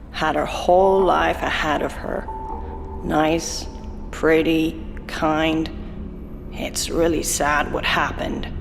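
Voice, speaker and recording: An actor playing a stern old grandmother in an audio drama, hoarse and slow, telling a story. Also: medium pitch. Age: older. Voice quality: hoarse, gravelly. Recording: echoey hall with background noise.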